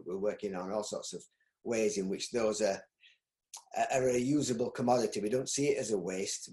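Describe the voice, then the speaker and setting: Middle-aged Yorkshire man, interview guest, lowish voice, restarts a lot, roomy echo. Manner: rambling, with frequent restarts and ums. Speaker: interview guest, business owner. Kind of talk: casual interview.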